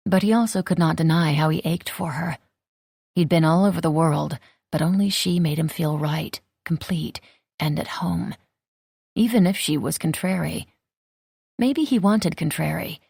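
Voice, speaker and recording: A woman narrates a romance audiobook in an even, measured way. Her voice is low and husky, with some fry. The recording is close and dry. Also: no echo. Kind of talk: scripted narration.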